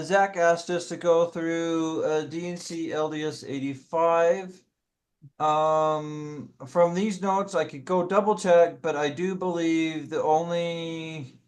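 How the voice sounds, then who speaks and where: Halting man leading scripture study. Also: fairly high pitch. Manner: halting, explanatory, self-correcting. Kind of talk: casual scripture study discussion.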